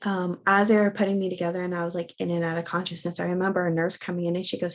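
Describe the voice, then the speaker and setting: A young woman telling a personal story in an interview, halting, with many fillers and restarts. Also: on the low side, flat delivery. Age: young adult. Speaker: interview guest sharing her birth story.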